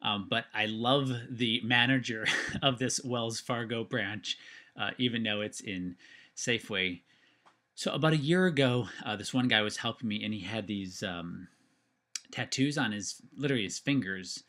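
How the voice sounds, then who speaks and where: A man's voice: on the low side, a bit bright. A man telling a personal story in a casual monologue, earnest and rambling, with many fillers and restarts.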